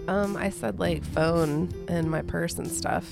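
A woman co-hosting a casual chat, soft-spoken and giving brief replies. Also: fairly low pitch, steady tone, slow pace, vocal fry, over music. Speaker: podcast co-host.

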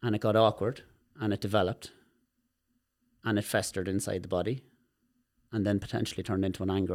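Irish man, low voice, animated storyteller who swears casually, podcast guest. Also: fairly quick, pauses often. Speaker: guest, movement specialist. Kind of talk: podcast conversation.

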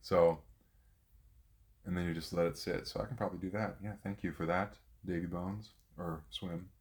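Male podcast host, low voice, relaxed chat, reads poetry aloud. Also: moderate pace. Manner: relaxed, thinking out loud with fillers. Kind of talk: casual chat and poetry reading.

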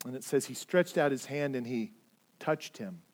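A man preaching a sermon as pastor, earnest, repeating words as he stresses points and swinging between loud and hushed delivery. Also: medium pitch, lively intonation, moderate pace.

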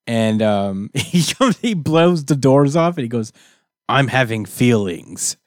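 A man's voice: mid-range voice, unhurried, no echo. Dry-voiced man recapping a comic. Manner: animated storyteller who acts out characters' lines. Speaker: podcast co-host recapping a comic. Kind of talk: casual chat.

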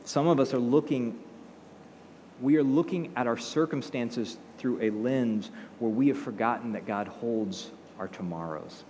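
A man's voice: medium pitch, a little slow, darkish tone, in a large hall, a little hiss or hum. A male pastor preaching a sermon in a conversational way, with rhetorical questions and acted-out quotes.

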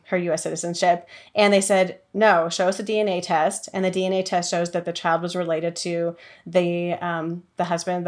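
A woman hosting a podcast, talking casually with lots of fillers and quick restarts. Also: on the low side. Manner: chatty, many fillers and restarts. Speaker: podcast host.

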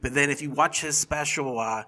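A man's voice: on the high side, moderate pace, bright, forceful tone. A man in casual conversation, an aspiring comic talking easily and asking questions. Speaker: aspiring comedian, guest. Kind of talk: casual podcast chat.

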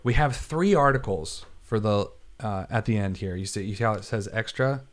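A man's voice: on the low side, moderate pace. A young man co-hosts a laid-back chat, reading strange headlines aloud. He teases his partner and swears casually, keeping the tone joking. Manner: joking, profane, teasing. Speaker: podcast co-host.

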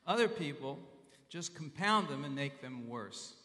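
A man's voice: medium pitch, expressive, a little slow, bright, forceful tone. A male pastor giving a sermon in a conversational way, repeating phrases and sounding out Hebrew and Greek words. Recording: long reverb in a large hall.

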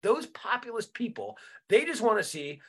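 A man with a noticeably high voice rants through a casual political discussion on a comedy podcast. He swears freely and trips over repeated words as he searches for the right term. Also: sing-song, normal speed, breathy edge. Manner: profane, repeats words while searching for them, restarts often.

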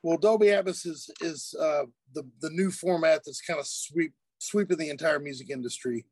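A man's voice: on the high side, normal speed, slightly rough. A man, a music producer and engineer, talking casually as a guest from his studio, with easy laughs and many restarts. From United States. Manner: relaxed, chatty, laughs easily, many fillers and restarts. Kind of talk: casual interview chat.

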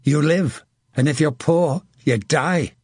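A man voicing a greedy, mocking English foot soldier who shouts and jeers, in a husky voice. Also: fairly high pitch, slow, no echo, clean studio sound, pitched above the performer's own voice. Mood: jeering. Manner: jeering, shouted.

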